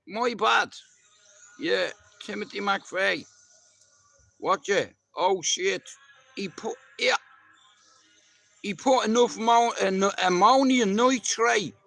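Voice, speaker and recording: Slow-talking Irish man chatting on a livestream. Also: very high voice, creaky, pushed and bright. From Ireland. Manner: swears freely, rambling storyteller. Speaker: livestream host. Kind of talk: casual chat to live viewers.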